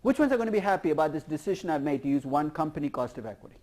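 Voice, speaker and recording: Higher-voiced male professor lecturing. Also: fast. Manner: lively, asks the class questions. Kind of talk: university lecture.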